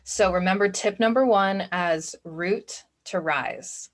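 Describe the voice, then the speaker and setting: A woman's voice: medium pitch, slow pace. A woman coach giving a recorded masterclass in a casual, chatty way, often saying "like". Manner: chatty, informal, many "like" fillers. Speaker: business and spiritual coach.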